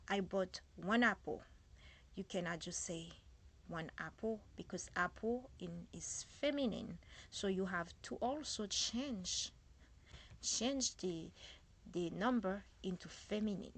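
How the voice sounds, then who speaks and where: A woman with a French accent, whose first language is French, teaching a beginner lesson and drilling each word with repetitions. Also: on the low side. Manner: drills words slowly and repeats them for practice.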